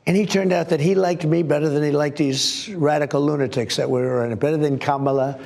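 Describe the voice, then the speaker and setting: A man's voice: fairly high pitch, fairly even intonation, a little fast, vocal fry, darkish tone. An older man answering in a TV interview, talking in a rambling, repetitive way.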